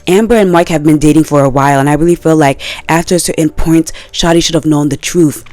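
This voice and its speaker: A woman giving casual commentary in a vlog, animated and exasperated, full of slang. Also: low-pitched, quick pace, dry recording. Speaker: video creator.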